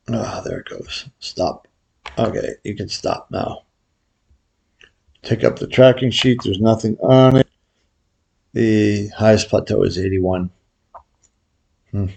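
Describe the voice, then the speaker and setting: A man hosting a gambling video, calling out his bets in a relaxed, muttered running commentary to viewers. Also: medium pitch, creaky. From Vegas pro. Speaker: baccarat video host. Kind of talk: casual play-by-play of bets.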